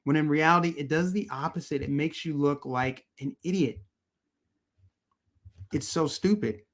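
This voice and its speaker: A man's voice: on the high side, normal speed. A man hosting political commentary on a live stream, ranting in a heated, emphatic, repetitive way and answering his chat.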